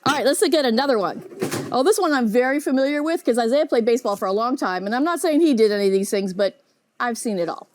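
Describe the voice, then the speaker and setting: A woman teaching a children's Bible lesson, animated and often asking the kids questions. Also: a little high, quick pace.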